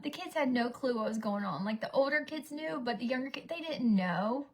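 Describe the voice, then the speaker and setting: Woman in her thirties, vlogger mom, chatty rambling storyteller, bright and slightly high voice. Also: fairly quick. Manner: chatty, rambling storyteller, dips to whispers for asides. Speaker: vlogger, mother. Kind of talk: casual get-ready-with-me chat.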